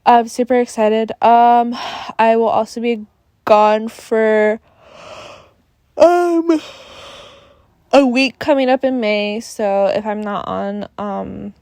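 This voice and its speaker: A young woman hosts her podcast late at night, sleepy and yawning, sighing between slow, rambling sentences. Her voice sits a little high. She talks close into her phone with a dry, roomless sound. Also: fairly even intonation, a little mellow, clear, resonant tone, dry recording. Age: young adult. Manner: tired, sighing and yawning, rambling with many fillers. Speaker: podcast host. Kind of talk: casual solo podcast chat. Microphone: phone held close.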